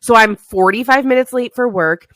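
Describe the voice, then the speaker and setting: A woman co-hosting a podcast, telling a story in casual chat, animated and swearing freely. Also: fairly high pitch, normal speed, no room sound, clean studio sound. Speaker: podcast co-host.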